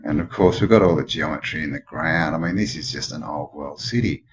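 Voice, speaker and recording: An Australian man with a very low, deep voice comments in a loose, rambling way, throwing out questions as he goes. The sound is dull and lo-fi. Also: a little fast. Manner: rambling, musing, full of questions. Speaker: channel host. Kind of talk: casual commentary over old photos.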